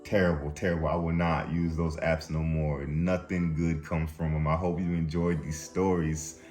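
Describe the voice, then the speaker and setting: A man's voice: extremely low pitch, flat delivery, normal speed, darkish tone, soft background music. A young man hosting a vlog, telling a story casually and acting out what people said, now and then laughing at his own story. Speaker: vlog host.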